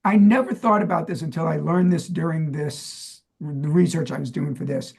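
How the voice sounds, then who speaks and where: A middle-aged man from New Jersey co-hosts a casual podcast, quizzing his partner in a rambling, friendly way. His voice sits fairly high for a man, with a gravelly edge and a husky texture. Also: normal speed, darkish tone. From New Jersey, USA. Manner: chatty, meandering, quizzing with fillers. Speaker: podcast co-host. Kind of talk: casual chat, trivia quiz.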